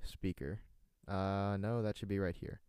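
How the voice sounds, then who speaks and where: A young man from North Carolina hosts a loose live show, rambling between jokes and breaking into laughter. His voice sits on the low side. The sound is dry and close with no room echo. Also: steady tone, measured pace, darkish tone, smooth. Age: young adult. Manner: joking, rambling, laughs often, relays a caller's words. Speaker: host of a live stream show. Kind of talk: casual joking chat.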